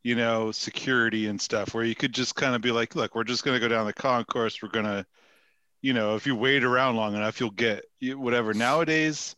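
A man hosting a casual chat, reacting in a quick, easygoing way. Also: mid-range voice, steady tone, pushed and bright, smooth, no echo.

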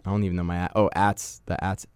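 A man's voice: low voice, little pitch movement, fast talker, a little mellow, smooth, no room sound. A young man in his twenties co-hosting a podcast, telling rambling stories in casual chat, full of fillers and restarts. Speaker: podcast co-host.

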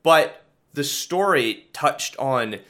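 Male guest, bright forward tone, halting casual delivery. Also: medium pitch, expressive. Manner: hesitant, trailing off. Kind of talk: casual chat.

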